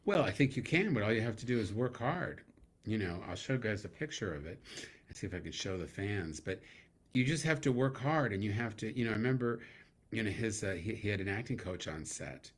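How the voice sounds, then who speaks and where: Middle-aged guy, low husky voice, chatty storyteller, laughs as he goes. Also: lively intonation, a little fast. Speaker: guest actor. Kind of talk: casual interview storytelling.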